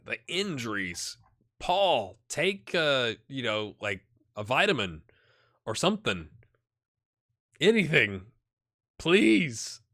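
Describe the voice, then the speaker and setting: A man hosting a gaming channel, thinking aloud in casual commentary and talking straight to his virtual players. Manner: animated, jumps high when excited.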